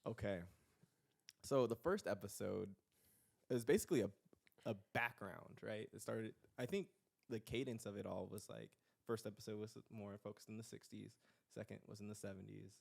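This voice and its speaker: Chill young dude cohosting, lowish voice, lots of fry. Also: male voice, normal speed. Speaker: podcast co-host. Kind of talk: casual chat.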